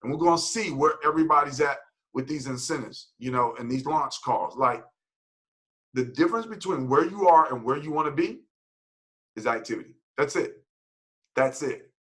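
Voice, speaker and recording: Bright-voiced energetic man leading a call. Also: mid-range voice, normal speed, low-quality recording. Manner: energetic, preachy, repeats himself. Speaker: team leader. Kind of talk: motivational team call.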